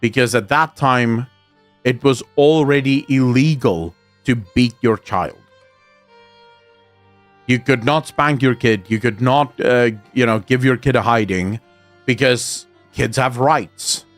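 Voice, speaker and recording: A blunt, rambling man, speaking in casual commentary. His voice sits at an ordinary middle pitch and keeps restarting sentences. The sound is dry and close, with faint music playing underneath. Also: slow, no room sound. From South Africa. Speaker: streamer host.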